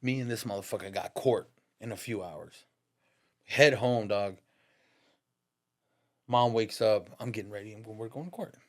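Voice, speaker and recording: A man speaking on the low side at normal speed, with long pauses, appears as a podcast guest telling a story. He swears, uses lots of slang, refers to the listener as "dog," and laughs through his stories.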